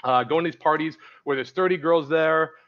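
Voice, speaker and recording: A man's voice: a little high, moderate pace, highs cut off. A man, a dating coach, talking candidly as a podcast guest and rambling through stories with many restarts. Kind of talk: casual podcast interview.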